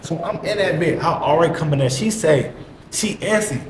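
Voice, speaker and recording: A man's voice: a little high, expressive, a little fast. A young man telling a story in a casual, slangy, profane monologue full of repeated catchphrases. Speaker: vlogger. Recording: echoey room, faint hiss.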